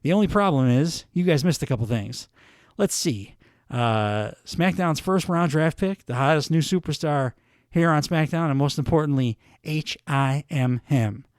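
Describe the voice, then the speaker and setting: A man's voice: on the high side, lively intonation, normal speed, no echo, clean studio sound, natural voice. A man doing a swaggering young wrestler. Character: swaggering young male wrestler, self-proclaimed star.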